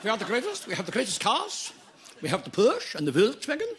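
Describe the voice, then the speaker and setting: A man's voice: high voice, huge pitch swings, quick pace, a loud crowd, heavy background noise. An older man putting on a boastful, mock-romantic German male crooner with a put-on German accent, crooning and swooping hammily.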